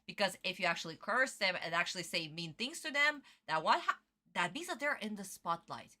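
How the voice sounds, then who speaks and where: Young woman reacting to an anime ep on stream, super lively voice going up and down, bright and sharp, opinionated. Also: mid-range voice, a little fast. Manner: animated, opinionated, emphatic with repetition. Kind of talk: casual reaction chat.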